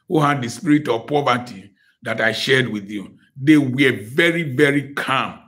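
A man's voice: mid-range voice, fairly bright tone. An older man from Nigeria giving an emphatic motivational lecture as guest speaker, with a preacherly style and repeated phrases.

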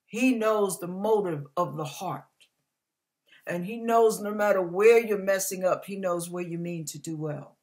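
A woman's voice: lowish voice, measured pace, darkish tone. An older woman pastor giving an online church sermon, earnest and conversational, building to emphatic repetition.

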